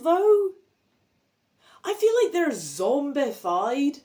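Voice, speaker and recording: A woman's voice: sits high, sing-song, takes it slowly, long pauses, mellow. Chatty Scottish woman reading aloud. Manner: chatty, sweary, rambling. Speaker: reader of a children's adventure book. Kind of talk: casual read-aloud with asides.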